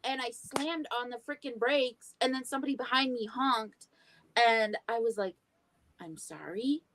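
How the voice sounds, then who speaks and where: A woman's voice: a little high, fairly even intonation, normal speed, fairly bright tone, slight background noise. A young woman hosting a livestream, telling stories in a chatty way, swearing freely and acting out what people said. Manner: chatty storyteller, swears freely, acts out quotes. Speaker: livestream host. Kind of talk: casual chat.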